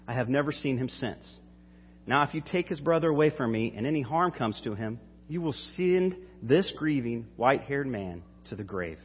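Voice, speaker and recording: A man's voice: mid-range voice, slight background noise, natural voice. A man reading aloud as a humble older brother begging a ruler for mercy, in an earnest, imploring manner. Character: pleading grown male brother, humble and desperate. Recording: dull hall reverb.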